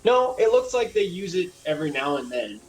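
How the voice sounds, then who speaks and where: A man runs a tabletop game and describes each scene in a loose, rambling way. His voice sits a little high for a man, and he swears freely as he goes. He sounds like he is making it up on the spot. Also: very animated, a little fast, faint music behind, poor audio. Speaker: game master.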